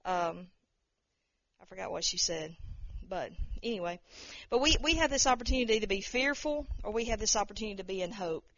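A woman's voice: mid-range voice, animated, brisk, fairly bright tone, dry recording, lo-fi sound. A woman giving an informal spoken testimony, rambling and repeating words, acting out the voices of people she quotes. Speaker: speaker sharing a testimony.

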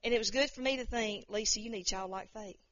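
A woman's voice: a little high, fast, a bit bright, highs cut off. A woman giving an informal spoken testimony, rambling and repeating words, acting out the voices of people she quotes. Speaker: speaker sharing a testimony.

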